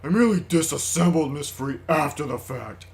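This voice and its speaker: A man voicing a calm, sinister male bird doctor in a video game, reading slowly and deliberately. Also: a little high, gravelly. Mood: smug. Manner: measured, smug, slow and deliberate. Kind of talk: reading game dialogue aloud.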